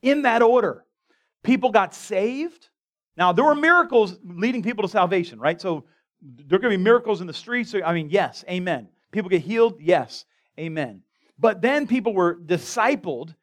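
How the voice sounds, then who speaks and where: A man's voice: high voice, lively intonation, normal speed. A man pastor preaching a conversational sermon to his congregation, often restarting his sentences and joking with the crowd. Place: church sanctuary.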